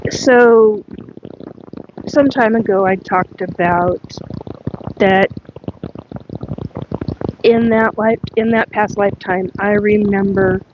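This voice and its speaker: A woman hosting a casual spiritual livestream, talking in a halting, rambling way with many fillers and asides to viewers, her voice a little cracked. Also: fairly even intonation. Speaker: livestream host. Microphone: earphone mic plugged in. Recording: dull lo-fi livestream audio with faint rumble.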